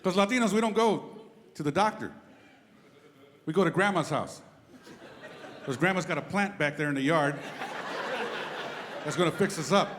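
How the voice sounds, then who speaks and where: Performing for a live comedy club crowd, a middle-aged comic with a higher-pitched voice moves briskly through animated tales, slipping into acted character voices. The sound echoes with long reverb over steady background noise.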